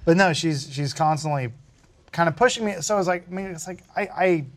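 A man's voice: on the high side, fairly quick. Earnest man chatting on a podcast. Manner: earnest, jokey, trails off and restarts. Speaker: podcast co-host. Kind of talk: casual chat.

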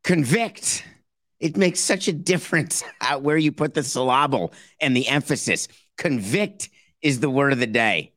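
In clean studio sound with no room echo, a man with a mid-range, slightly bright voice speaks at normal speed as a sports talk podcast host. He's sarcastic, laying out his points like a mock courtroom argument.

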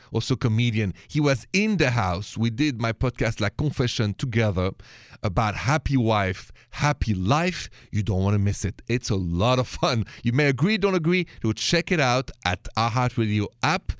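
A man's voice: on the low side, no room sound, clean studio sound. A man from Paris with a French accent hosting a late-night radio call-in show, playful and fond of French greetings. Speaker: radio host.

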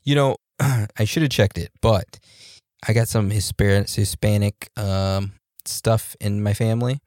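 A man co-hosting a podcast in a relaxed, joking way, reading out listener reviews with loose fillers and laughs. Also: lowish voice, a little slow, no echo, clean studio sound. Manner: laid-back, laughs and jokes, loose fillers. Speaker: podcast co-host.

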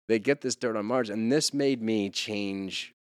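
A man's voice: lowish voice, measured pace, clear, resonant tone, dry recording, studio quality. A man co-hosting a podcast, retelling scenes in an easygoing, amused way. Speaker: podcast co-host. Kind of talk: casual chat.

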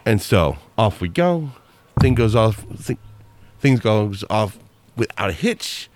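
A man co-hosting a podcast, casually telling a story with lively quoted asides. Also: on the low side, takes it slowly, slight background noise. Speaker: podcast co-host.

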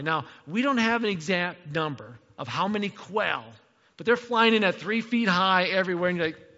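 A man's voice: high voice, expressive, normal speed, pushed and bright, long reverb tail, dull audio. A man preaching a sermon in a conversational, playful way, acting out the quotes. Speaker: pastor.

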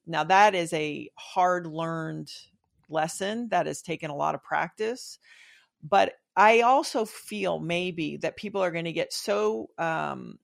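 A woman's voice: on the low side, gravelly. Reflective middle-aged woman in conversation. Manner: reflective, earnest, with frequent restarts. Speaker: guest. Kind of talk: casual interview talk.

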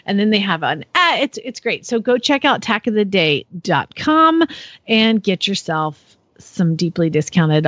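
A woman's voice: mid-range voice, no echo, lo-fi sound. A woman hosting a podcast in casual, chatty talk with many fillers and laughs. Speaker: podcast host. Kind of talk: casual chat.

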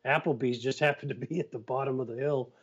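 A man tells stories in an easy, relaxed way as a podcast guest, with plenty of fillers. The audio is dull and lo-fi. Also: medium pitch, fast talker, a loud crowd. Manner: relaxed storyteller, many fillers. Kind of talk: casual podcast chat.

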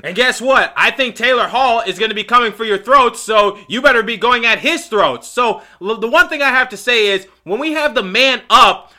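Lecturing the team head-on, a man delivers an exasperated solo rant about hockey on his podcast. He speaks with a high, bright, forceful voice.

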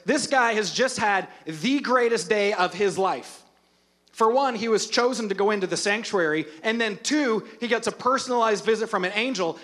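A male pastor with a high, bright-toned voice delivers a sermon. He tells scripture stories with playful humor and lively energy, then turns earnest as he speaks to the congregation. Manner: animated, humorous storytelling of scripture.

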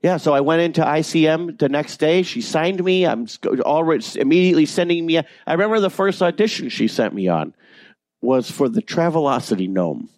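A man who works as a voice actor, telling animated, self-deprecating stories in a casual interview and swearing freely. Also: a little high, brisk, no room sound. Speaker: voice actor guest.

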